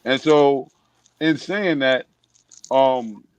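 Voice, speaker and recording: A man's voice: medium pitch, extremely slow, clean tone, no room sound, low-quality recording. A man in a political discussion telling a personal story, casual and emphatic.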